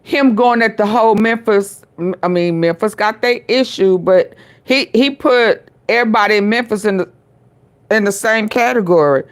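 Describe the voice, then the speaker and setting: A woman's voice: mid-range voice, normal speed. A woman hosting her own show, casually commenting on a trial and reacting to a clip, often hesitating and repeating words.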